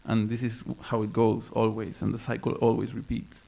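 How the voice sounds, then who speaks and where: A man with a low, gravelly voice talking on a conference panel. He speaks in a flat, even tone, pausing often, full of "um" and restarting his sentences as he thinks aloud. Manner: hesitant, many fillers and restarts. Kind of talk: round-table discussion.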